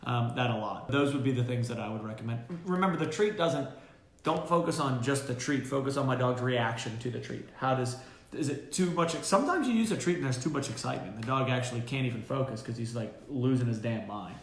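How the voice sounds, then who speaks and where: A man's voice: medium pitch, fairly quick. A man hosts a casual dog-training chat, telling stories with energy and tripping over fillers and restarts. His voice sits mid-height and carries a roomy echo from the kennel room. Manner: animated storyteller, many fillers and restarts. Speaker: dog trainer and show host.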